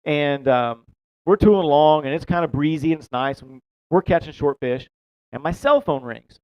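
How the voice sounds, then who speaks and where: Animated storytelling man, slightly high voice. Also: normal speed, clean tone, no echo. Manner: animated, rambling, swears, laughs while telling. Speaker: podcast co-host telling a fishing story. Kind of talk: casual storytelling. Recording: dull, dry close-mic sound.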